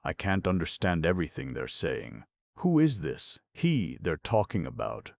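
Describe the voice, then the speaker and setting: A man voicing a timid young male fawn who asks anxious, hushed questions in a storybook reading. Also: low voice, wildly swooping pitch, normal speed, creaky, no room sound, studio quality, full character voice. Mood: puzzled.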